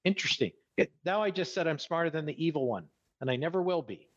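A man from New York, earnest and emphatic, talking like he is half preaching. His voice is a bit husky and sits fairly high, and it swings up and down a lot. The sound is dull and lo-fi. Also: animated, fast. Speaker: guest. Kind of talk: casual podcast conversation.

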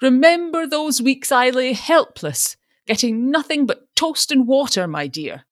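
A woman's voice: high-pitched, animated, unhurried, dry recording, studio quality, voice pushed up. Woman reading as a testy, pompous old father. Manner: grumbling and pompous. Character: testy, self-pitying elderly father.

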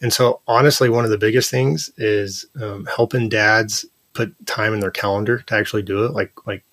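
A man in his thirties, a podcast guest, telling personal stories in an earnest, animated way with lots of "like" and "you know". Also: lowish voice, moderate pace, no echo. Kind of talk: casual interview conversation.

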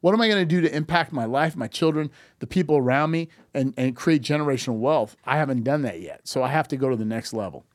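A man's voice: medium pitch, lively intonation, quick pace, few pauses, no room sound, studio quality. A man in his fifties talking casually on a podcast, telling stories animatedly, acting out quoted dialogue and often restarting his sentences. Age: 50s. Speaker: podcast guest.

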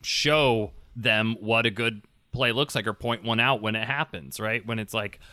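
A man's voice: lowish voice, a little slow, bright, forceful tone, no room sound. A man co-hosting a casual board game podcast, earnestly explaining how to teach new players and acting out example lines. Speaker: podcast co-host.

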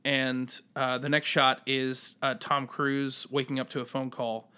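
A man co-hosting a casual podcast, his voice bright and forward. He rambles through his ideas, restarting sentences and slipping into quick acted bits. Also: medium pitch, level tone, smooth. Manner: rambling with many fillers and restarts, acting out scenes. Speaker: podcast co-host. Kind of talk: casual chat.

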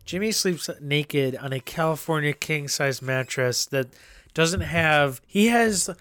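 A man co-hosting a podcast in casual comedic chat, hesitant and deadpan. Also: on the high side, slow, clear, resonant tone, no echo. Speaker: podcast co-host.

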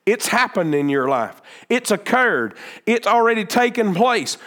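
Male pastor, high-pitched voice, emphatic sermon delivery with lots of repetition. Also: sing-song, unhurried, a bit bright. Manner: earnest, emphatic preaching with repeated phrases and restarts.

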